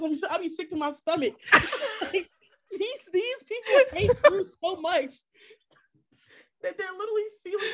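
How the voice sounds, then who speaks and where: A woman with a notably high voice talks in a casual podcast chat. She is blunt and profane and breaks into laughter often. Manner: blunt, profane trash talk with frequent laughter. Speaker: podcast guest.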